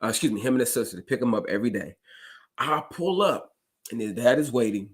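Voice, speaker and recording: A man who drives a school bus, casually telling a story to his listeners and acting out the dialogue with lively jumps in his voice. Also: fast, slightly rough. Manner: animated, acts out dialogue with big pitch jumps; conversational, addresses listeners directly.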